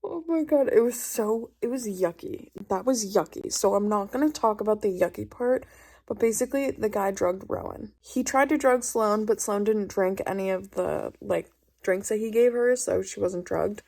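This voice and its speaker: A young woman excitedly recapping a book she is reading, gushing and saying "like" a lot. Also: medium pitch, moderate pace, vocal fry. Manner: gushing, excitable, heavy use of "like". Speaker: book vlogger. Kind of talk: casual reading vlog recap.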